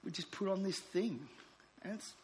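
A man's voice: sits high, normal speed, a little hiss or hum. Man in his 40s preaching in a hall. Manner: emphatic, swings between loud declarations and soft asides. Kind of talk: sermon. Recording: long reverb of a large hall.

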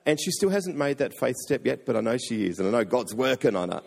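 A man's voice: mid-range voice, big pitch swings, fast, creaky, a little mellow, a little hiss or hum. A man, a pastor telling a personal story in a sermon, earnest and acting out the voices he quotes. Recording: long hall reverb.

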